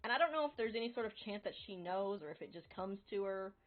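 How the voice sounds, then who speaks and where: A woman's voice: mid-range voice, lively intonation, quick pace. A woman playing a tabletop game, chatty and giggling between lines. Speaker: player. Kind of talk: casual tabletop play. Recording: tinny call audio.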